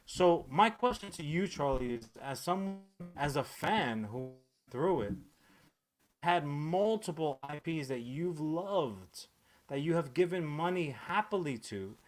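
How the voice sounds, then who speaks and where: A man in his thirties holds forth on a casual podcast, sarcastic and rambling, swearing freely and tripping over fillers and restarts. His voice sits a little higher than most men's. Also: animated, moderate pace. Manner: profane, rambling, sarcastic rant with many fillers. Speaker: podcast host. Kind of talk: casual comic-book podcast chat.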